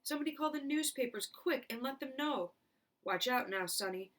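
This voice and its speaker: A woman voicing a fat, excitable male shopkeeper in a children's storybook reading, shouting high and fast when thrilled. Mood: shrieking excitement.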